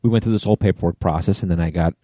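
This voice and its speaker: A man's voice: deep voice, racing, warm tone, dry recording, clean studio sound. A man in his forties, a podcast co-host, telling a rambling story in casual chat and swearing freely.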